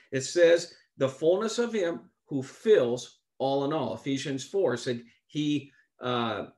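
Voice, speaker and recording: A man preaching in a conversational Bible-teaching style, emphatic, repeating key phrases and asking rhetorical questions. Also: a little high.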